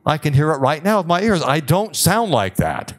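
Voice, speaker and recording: A man's voice: a little high, sing-song, moderate pace, voice pushed up. A man voicing a protesting young medical resident who is indignant and in denial, with a whiny, incredulous tone.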